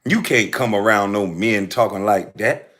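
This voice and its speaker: A man's voice: fairly low pitch, moderate pace, a bit bright. A man delivering an angry, profane rant straight to the camera, calling out critics in a heated, confrontational way. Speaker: commentator answering critics.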